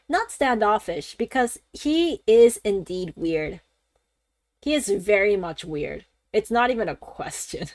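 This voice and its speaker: Woman, streamer, casual rambling chat, mid pitch, dry close recording. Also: no echo. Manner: rambling, animated, laughs often, swears casually.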